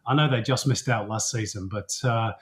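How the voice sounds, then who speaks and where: A man speaking as a football commentator guest, giving relaxed, chatty analysis with many fillers. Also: on the low side, moderate pace. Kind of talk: casual interview chat.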